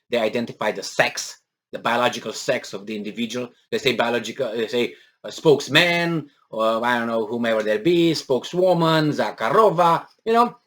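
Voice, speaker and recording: Sarcastic man riffing on the news. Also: medium pitch. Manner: sarcastic, mocking asides and put-on impressions; rambling with many fillers and restarts. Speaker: political commentary vlogger. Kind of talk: casual monologue reading and commenting on news.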